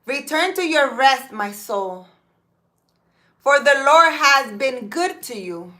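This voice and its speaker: A woman, a spiritual healer, talking casually and reading scripture aloud slowly and emphatically, with occasional swearing and Spanish words. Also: sits high, lively intonation, bright, forceful tone. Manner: slow deliberate reading.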